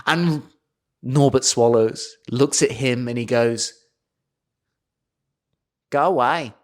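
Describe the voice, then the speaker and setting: A man's voice: medium pitch, slow. A man co-hosting a podcast, improvising a comic story in a mock-dramatic way. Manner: animated, breaks into laughter, mock-dramatic. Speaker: podcast co-host.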